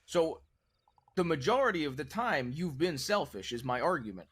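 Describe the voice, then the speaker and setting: A man talking in character during a western roleplay, argumentative and teasing. His pitch rises and falls in a lively way as he makes his case. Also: normal speed, slightly rough.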